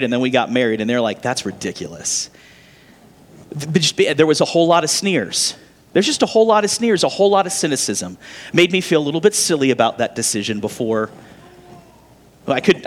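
A man's voice: on the high side, a bit bright, long reverb tail. A man preaching a sermon as a pastor, conversational and often checking in with the congregation with questions.

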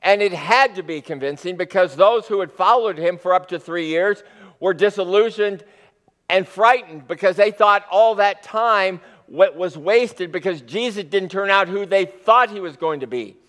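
A man preaching a sermon as a pastor, telling the story with animated emphasis and acting out the quoted lines. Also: a little high, long reverb tail.

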